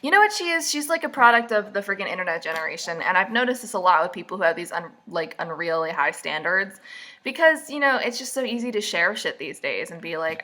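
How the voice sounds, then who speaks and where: A woman who has just woken up vlogs casual commentary on books, talking very fast in a sharp, lowish voice. She's highly animated, sarcastic, and mocking, with "like" dropped in constantly.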